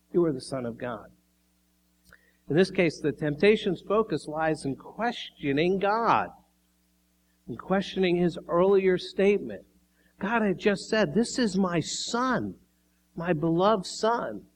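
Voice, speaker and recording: A man in the middle of a sermon, his voice sitting at an ordinary middle pitch. He speaks in a measured way and leans into key words with emphatic rises. A faint hum runs underneath the recording. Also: rough recording. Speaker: pastor.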